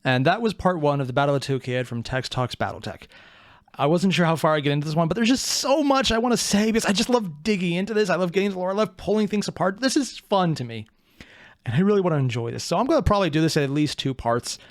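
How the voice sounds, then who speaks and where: A man's voice: a little high, quick pace, dry recording, clean studio sound. Chatty rambling man, reaction host. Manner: rambling, excitable, self-deprecating asides. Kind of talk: casual reaction commentary.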